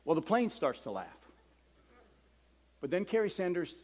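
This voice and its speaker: A middle-aged man preaches with an animated storytelling voice, a bit high for a man. He acts out each character as he goes. His voice rings with a long hall reverb. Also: normal speed. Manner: animated storyteller acting out dialogue. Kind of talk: storytelling sermon.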